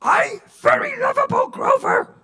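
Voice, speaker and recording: A man putting on the squeaky, shrill voice of a lovable furry puppet monster. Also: a little slow, sharp tone, full character voice.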